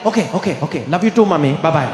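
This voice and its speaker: A man doing a squeaky, flustered phone voice. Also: lively intonation, lightly acted. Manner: defensive, stammering, rushed. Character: flustered man with an oddly high strained voice on the phone. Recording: echoey hall with noise.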